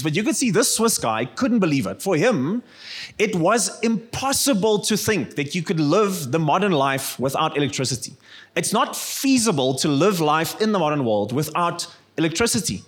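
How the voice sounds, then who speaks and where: A man's voice: sits high, animated, normal speed, a bit bright, slightly rough. A man with a South African accent preaching a sermon to a church congregation, conversational and storytelling, calling for the congregation's response. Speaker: pastor. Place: church service.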